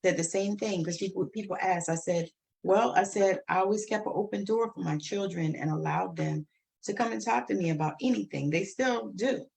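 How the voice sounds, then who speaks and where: Blunt plain-spoken woman, casual talk show co-host, mid-pitched voice. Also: normal speed, creaky, a little mellow. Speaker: podcast co-host. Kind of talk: casual conversation.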